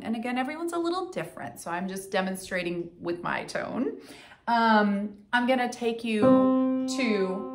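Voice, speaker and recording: A woman voice coach teaching a singing lesson, counting in and demonstrating warm-ups in an encouraging way. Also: medium pitch. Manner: encouraging, counts in and sings along.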